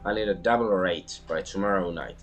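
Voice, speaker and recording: A gruff, mercenary Canadian smuggler in a video game, middle-aged and all about profit, who caps his sentences with a questioning "eh", as a man puts him on. The voice sits very low and deep, with faint game music under it. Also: close to an everyday voice, low-quality recording. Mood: blunt demanding. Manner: ends lines with a drawn-out "eh".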